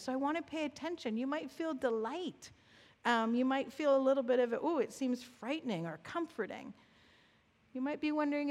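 A woman giving a sermon, gently guiding listeners through a reflective prayer practice in a church. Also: on the high side. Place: church sanctuary. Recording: long reverb of a large hall.

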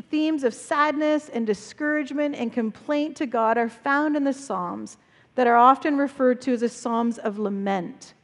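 A woman preaching a sermon, earnest and reflective, speaking in measured phrases with emotional pauses. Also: high-pitched. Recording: long reverb of a large hall.

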